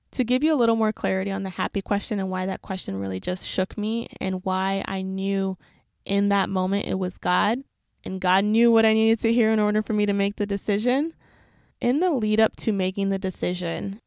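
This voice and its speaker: A woman's voice: medium pitch, creaky, darkish tone, dry recording. A young adult woman telling a personal faith story in an earnest, reflective way, close to the mic. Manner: earnest and reflective, with quick runs of words. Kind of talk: personal faith testimony, casual.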